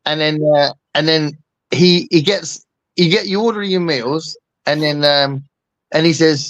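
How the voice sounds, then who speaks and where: A man's voice: fairly high pitch, fairly even intonation, moderate pace, fairly bright tone, dry recording. A man hosting a casual chat, rambling and joking with lots of fillers. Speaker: host.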